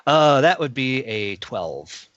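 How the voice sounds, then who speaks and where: A man's voice: mid-range voice, big pitch swings, slow pace, fairly bright tone, no echo. A man playing in a tabletop game, asking hesitant, stammering questions. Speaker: player. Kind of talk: casual tabletop game play. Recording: dry, dull lo-fi recording.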